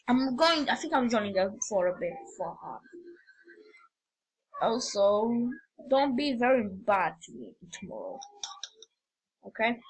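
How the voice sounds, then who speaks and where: A woman giving casual, rambling game commentary, excitable and prone to sudden yelps and shouts. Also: a little high, breathy edge, poor audio. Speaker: gamer.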